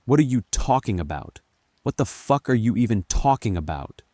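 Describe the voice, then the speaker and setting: A man playing a panicked husband who snaps and shouts in terror. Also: mid-range voice, very animated, normal speed, no echo, voice pushed up. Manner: shouting, hissing, snapping.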